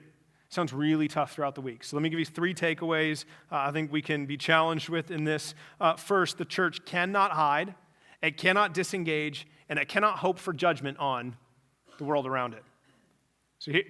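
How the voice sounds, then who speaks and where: A man delivering a sermon at his church with a bright, forceful tone. His pitch sits a little high for a man. He keeps it lively and conversational, slipping into quick acted-out voices of imagined people. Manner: animated, acts out imagined people in quick asides. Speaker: pastor.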